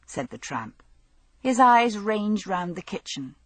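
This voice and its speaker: A woman narrating an audiobook mystery in an expressive storytelling manner. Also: medium pitch, slow, no echo. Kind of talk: scripted narration.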